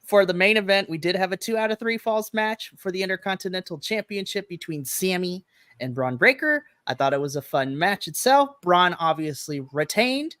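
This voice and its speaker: A woman co-hosting a live wrestling podcast, chatting casually, laughing often and acting out quotes in a flat deadpan voice. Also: on the low side, normal speed, dry recording, clean studio sound. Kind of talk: casual chat recapping wrestling. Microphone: streaming microphone, remote setup.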